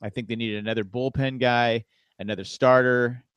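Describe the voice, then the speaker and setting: A man's voice: mid-range voice, fairly even intonation, normal speed, clear, resonant tone, no room sound, lo-fi sound. A man co-hosting a casual podcast, joking and rambling with lots of restarts about sports. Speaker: podcast co-host.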